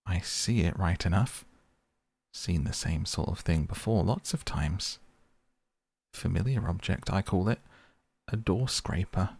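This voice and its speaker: A man's voice: low-pitched, lively intonation, a little slow, vocal fry, a little mellow, slightly rough, no echo, heavily acted. A man voicing a small, stubborn male mole who complains pettishly, in a storybook reading. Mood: grumbling.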